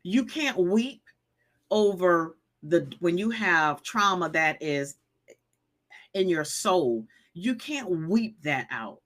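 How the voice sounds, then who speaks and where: Her voice is fairly low in pitch yet fairly bright, swinging widely in pitch as she speaks slowly. This woman in her 50s hosts a live healing-advice stream, preaching emphatically, repeating herself, and voicing viewers' comments.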